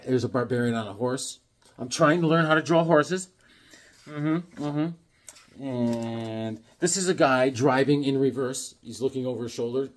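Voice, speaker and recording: A man casually chatting to camera, rambling in an easygoing way as he shows his comics and sketches. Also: mid-range voice. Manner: rambling, easygoing, chuckling asides. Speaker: comics collector showing his drawings.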